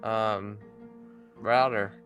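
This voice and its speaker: A man plays a tabletop game over an online call. He chats casually, with jokes and ready swearing. Soft music runs faintly behind. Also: fairly low pitch, steady tone, drawn-out words. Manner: profane, joking. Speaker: player.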